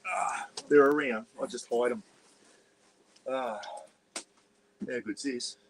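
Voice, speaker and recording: A man's voice: mid-range voice, slow, slight background noise, low-quality recording. Rambling Australian man chatting in a caravan. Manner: rambling and chatty, often saying "bloody". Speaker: vlog host. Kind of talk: casual livestream chat. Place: parked caravan.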